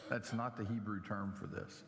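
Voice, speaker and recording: A man's voice: fairly low pitch, fairly even intonation, moderate pace, in a large hall, noisy background. A middle-aged man preaching a sermon in a church, animatedly mocking the scoffers in his story.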